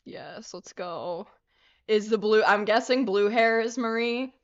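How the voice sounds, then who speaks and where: A woman's voice: medium pitch, unhurried. Young woman on a livestream, giggly and sweary, reading chat, kinda dull lo-fi audio. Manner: giggly, swears casually, reads chat comments aloud. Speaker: livestream host.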